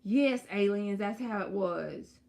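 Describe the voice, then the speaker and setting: A woman, giving tarot readings on a live stream and chatting to her viewers in an animated, storytelling way. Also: mid-range voice, takes it slowly, gravelly. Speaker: tarot reader.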